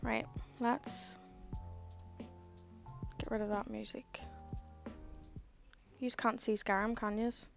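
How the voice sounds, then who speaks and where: A young woman sits at home in a headset, streaming and chatting easily with her viewers. Her voice is high and she sounds a bit tired and yawny. Soft game music plays faintly behind her. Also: flat delivery, takes it slowly, vocal fry, pauses often. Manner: chatty, reads and answers viewer chat, sighs and laughs at herself. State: tired, yawning. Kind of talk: casual live-stream chat.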